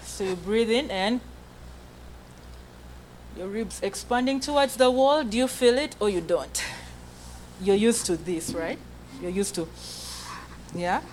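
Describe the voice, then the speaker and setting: A woman's voice: mid-range voice, slow, pauses often, a little mellow, a little hiss or hum, rough recording. A woman leading a choir through breathing exercises, counting aloud, giving short commands and checking in often with "okay?". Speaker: choir vocal coach. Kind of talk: group breathing and singing lesson.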